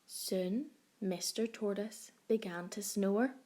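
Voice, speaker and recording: A woman primary school teacher reading a picture book aloud to young children. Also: mid-range voice. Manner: slow, expressive.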